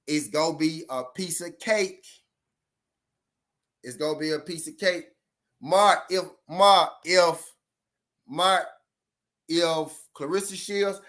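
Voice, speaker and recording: A man's voice: high voice, pushed and bright. A man with a Southern US accent hosting a casual boxing livestream, chatting loosely with viewers and repeating himself.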